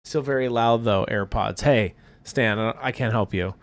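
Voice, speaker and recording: A man's voice: mid-range voice, moderate pace. A man co-hosting a casual livestream while painting miniatures, chatting, laughing often and reading out viewer comments. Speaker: livestream co-host.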